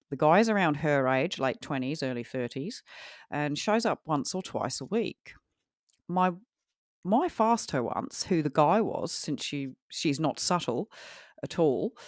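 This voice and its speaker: A woman's voice: low voice, no echo, studio quality. A woman doing an Australian man, wavering accent. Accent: put-on Australian, drifting Kiwi. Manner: earnest storytelling read-out. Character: Australian man asking neighbour advice.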